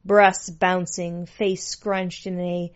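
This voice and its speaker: A woman's voice: lowish voice, level tone, takes it slowly, lo-fi sound. A woman narrating a story in a dry, sardonic manner.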